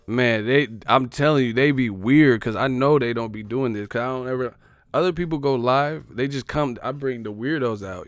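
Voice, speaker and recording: A man's voice: medium pitch, moderate pace, no room sound. A man hosting a boxing live stream, ranting in a profane, joking, exasperated way. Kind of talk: casual live-stream rant.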